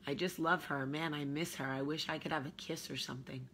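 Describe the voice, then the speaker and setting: Woman, 30s, casual vlog host, low bright voice, unhurried drawling storyteller. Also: steady tone, a little hiss or hum. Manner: chatty, drawling, warm storytelling with sighs and yawns. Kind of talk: casual morning chat.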